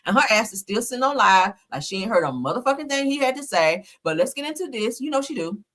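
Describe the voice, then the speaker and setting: A woman's voice: on the high side, very animated. A woman hosting a casual gossip commentary show, sassy and laughing, reading people down with slang. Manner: loud, sassy, laughing, drawn-out mock singing. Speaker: commentary channel host.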